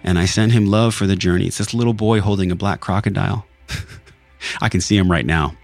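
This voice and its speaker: Deep-voiced man telling a heartfelt story. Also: brisk, gravelly, soft background music. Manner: earnest, emotional, reflective. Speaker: podcast host. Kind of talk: personal storytelling monologue.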